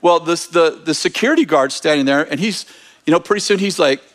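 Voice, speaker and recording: A preacher tells a story with animated, rising energy and laughs along the way. His voice sits a little high for a man. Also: fairly quick. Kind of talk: storytelling sermon.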